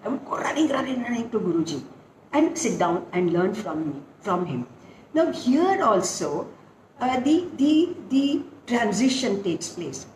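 Reminiscing in an interview, an older woman who is a dance guru speaks at an unhurried pace and medium pitch. She brings her training stories to life by acting out what her teachers said, and the room is echoey with faint noise.

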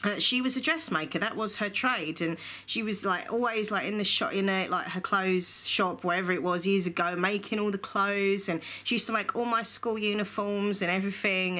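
Bright-voiced chatty woman. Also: mid-range voice, brisk. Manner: chatty, rambling, gushing with excitement. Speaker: book vlogger. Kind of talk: casual book haul chat. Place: indoor room at home.

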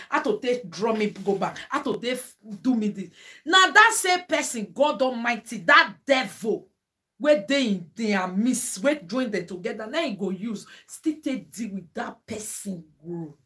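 Nigerian Pidgin-speaking woman, bright, forceful tone, emphatic preachy vlogger. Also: a little high, sing-song, normal speed. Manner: preachy, sermonizing asides; emphatic, exclaiming. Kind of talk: casual monologue to viewers.

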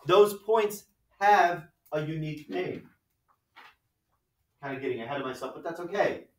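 A male math teacher lectures in a slightly higher voice, checking in with rhetorical questions as he explains. He sounds set back from the mic in an echoey room. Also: animated, moderate pace, recorded from a distance. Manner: explanatory, asks rhetorical questions with frequent "right?". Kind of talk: classroom lecture.

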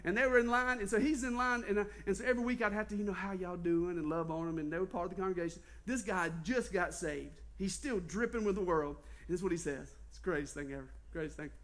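Southern us pastor preaching, high bright voice, tells stories and keeps asking the crowd stuff. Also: male voice, fast, few pauses. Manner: animated storytelling, quizzing the congregation. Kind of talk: sermon.

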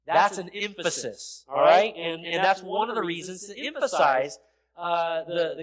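A man with a high, light voice preaches a sermon in a church, explaining patiently and then pressing hard on his key points until he is almost shouting. The recording is poor, with the murmur of a congregation behind him. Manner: explanatory teaching with repeated phrases and fillers. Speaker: pastor. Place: church sanctuary. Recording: noisy sanctuary recording with crowd sound, poor audio.

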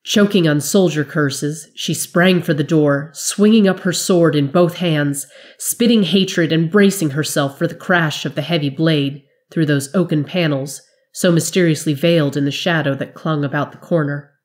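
A woman with a low voice reads a fantasy story aloud in a measured, dramatic manner. She tells it steadily, as a narrator of fiction. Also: a little mellow.

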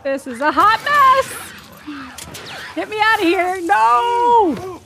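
A woman streaming a video game, reacting excitedly, cursing and laughing and yelping when startled. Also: very high voice, slow, gravelly, slight background noise. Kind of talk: live gameplay reactions.

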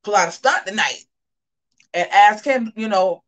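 A woman hosting a live gossip show, talking casually and sassily, with drawn-out asides to her viewers. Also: medium pitch.

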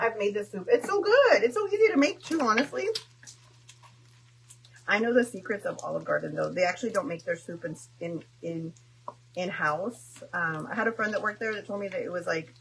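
A woman's voice: on the low side, fairly quick, vocal fry, a bit bright, slight background noise, low-quality recording. A young woman chatting and joking through a home cooking stream, tossing in Spanish words. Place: home kitchen.

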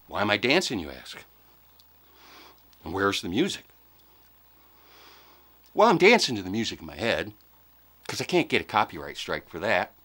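Casting: male vlog host, playful and jokey, bright forceful voice, lively swinging pitch. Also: normal speed, long pauses, slightly rough. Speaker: host of a fishing channel giveaway. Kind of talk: upbeat casual vlog address to viewers.

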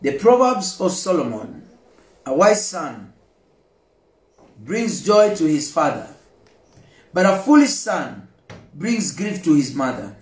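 A man leading fervent prayer and reading scripture in a chanting, repetitive, impassioned way. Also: fairly high pitch. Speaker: preacher. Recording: echoey room with loud backing music.

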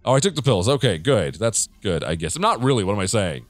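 Young male streamer, lively swooping voice, jumpy, profane, self-mocking horror commentary. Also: lowish voice, fast talker, no echo, faint music behind. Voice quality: jittery, jokey, swears a lot. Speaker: gaming streamer. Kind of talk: horror game let's play commentary.

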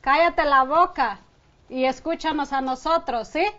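A woman's voice: high-pitched, normal speed, fairly bright tone. An actress playing a counselor who repeats her partner's words as a translator. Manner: echoes her partner's lines in Spanish. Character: woman counselor repeating everything in Spanish. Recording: dull film audio with faint noise.

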